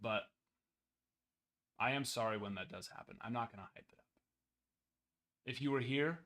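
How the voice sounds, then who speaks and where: A man's voice: medium pitch, moderate pace, pauses often, a bit bright. A man hosting a card break stream, rambling casually with jokey mock outrage. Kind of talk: casual live-stream chat.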